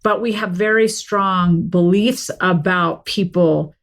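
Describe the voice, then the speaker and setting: A woman's voice: lowish voice, slow pace. A middle-aged woman from the American South, a professor speaking in an articulate, explanatory way during an interview. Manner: articulate, explanatory, steady flow. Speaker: linguistics professor and author, guest. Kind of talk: casual interview talk.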